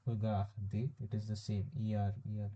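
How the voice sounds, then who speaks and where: Relaxed male tutor, mellow husky voice. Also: on the low side, normal speed, dull audio. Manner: relaxed, explaining step by step with frequent fillers. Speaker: French tutor. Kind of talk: informal recorded language lesson.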